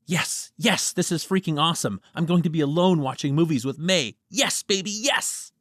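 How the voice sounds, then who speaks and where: A man voicing an eager, easily flustered young man in an audiobook, talking in quick exclamations. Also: on the high side, dry recording, studio quality, voice pushed up. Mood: excited. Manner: excitable, exclamatory.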